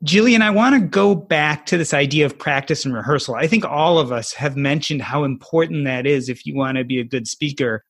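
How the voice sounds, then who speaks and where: A man's voice: on the high side, brisk, few pauses, fairly bright tone, breathy edge. Man moderating a podcast panel. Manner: asks questions, steers the talk. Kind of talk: casual panel discussion.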